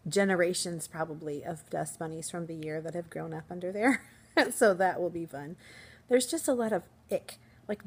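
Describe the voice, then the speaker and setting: A woman's voice: lowish voice, slightly rough. A woman teacher talking casually to her viewers from home in an upbeat, chatty way, laughing easily. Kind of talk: casual vlog chat.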